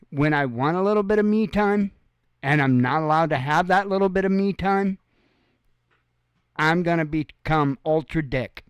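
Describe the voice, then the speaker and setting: Tired, frank man talking slowly. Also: on the high side, smooth, dry recording. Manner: frank, rambling, swears freely. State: tired and sore. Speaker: host. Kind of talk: casual monologue.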